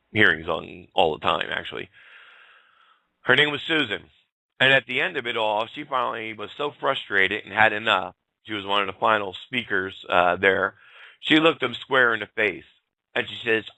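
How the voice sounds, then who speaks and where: Gravelly ranting talk-show man. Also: deep voice, bright, forceful tone, no echo, poor audio. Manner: ranting, blunt, fiery. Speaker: show host. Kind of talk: heated political talk.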